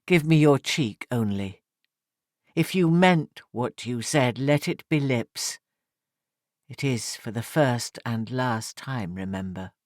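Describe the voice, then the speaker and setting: A man's voice: medium pitch, animated, slow pace, a little mellow, dry recording, clean studio sound. A man reading an audiobook and voicing an intense, earnest young man who speaks emphatically. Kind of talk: audiobook character voice.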